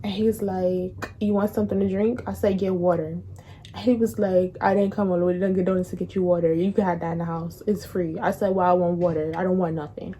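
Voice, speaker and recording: A woman's voice: a little fast, slight background noise. Laughing young woman telling a storytime. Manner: animated, slangy, laughs often, acts out quotes in a higher voice. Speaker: vlogger. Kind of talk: casual storytime.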